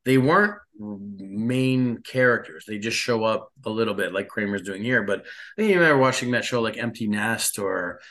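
A man's voice: lowish voice, moderate pace, fairly bright tone. A man co-hosting a podcast in casual chat, giving blunt, profane opinions and animatedly retelling scenes. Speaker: podcast co-host.

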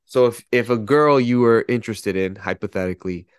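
A man with a low voice co-hosts a casual podcast, easygoing and quick to laugh. He keeps prodding his partner with questions. His voice sounds dry and close, with little room sound. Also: smooth, no echo. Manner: easygoing, asks probing questions, laughs often. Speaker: podcast co-host. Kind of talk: casual chat.

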